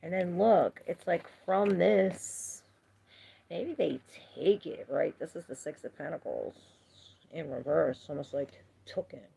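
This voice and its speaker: A woman's voice: deep voice, lively intonation, a little slow, vocal fry, dark tone, husky. A woman giving a live tarot reading, chatting with viewers, reading their comments aloud and laughing often. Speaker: tarot reader.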